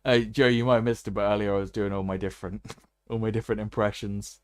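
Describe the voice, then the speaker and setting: A man's voice: fairly low pitch, flat delivery, quick pace, smooth, no room sound. A man streaming a game, joking and laughing often in casual commentary. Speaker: gaming streamer. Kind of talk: live gameplay commentary.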